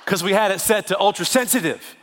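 A man preaching a sermon as pastor, telling stories with humor and moving between hushed reflection and emphatic declarations. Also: sits high, brisk, slight background noise. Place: church sanctuary. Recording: church sanctuary with long reverb.

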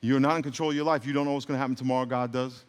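Racing through his sermon, a middle-aged pastor speaks in a medium pitch with a steady, clean tone. He wanders into joking asides and prompts the congregation to answer back, his voice echoing through a reverberant church sanctuary.

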